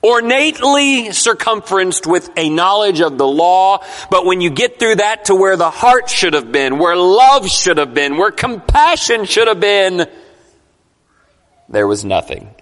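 A man preaching a sermon, dramatic, swinging between loud stresses and quiet drops. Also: high-pitched, big pitch swings, a little slow. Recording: long reverb of a hall.

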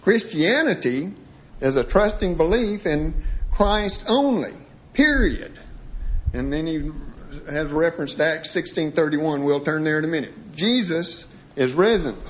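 A man's voice: a little high, a little slow. A man teaching a sermon-style Bible lesson, reading passages aloud and then breaking them down piece by piece with frequent restarts. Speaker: preacher. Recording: dull lo-fi recording.

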